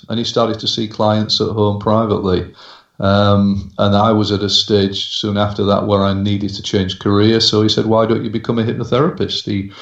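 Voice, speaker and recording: A man talking with a gravelly, creaky edge, in a measured way with frequent pauses and fillers. He is a hypnotherapist speaking as a guest. The sound is roomy and dull, like a lo-fi line. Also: on the low side. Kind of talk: interview storytelling.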